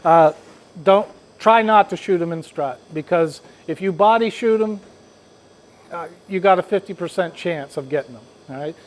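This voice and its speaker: In a low-quality recording, a man with a high-sitting voice speaks at a moderate pace. He's a hunting instructor teaching a group to hunt turkeys, and his casual spoken instruction is folksy and rambling, full of restarts.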